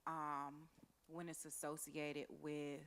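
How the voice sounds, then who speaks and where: A woman taking part in a Bible study, speaking thoughtfully and pausing to search for words. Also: low voice, level tone, fairly bright tone. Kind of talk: casual discussion.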